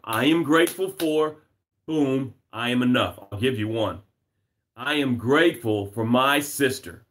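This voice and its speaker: Broadcasting live from home as a success coach, a man with a slightly high, fairly bright voice speaks emphatically in repeated phrases and reads viewer comments aloud during his motivational stream.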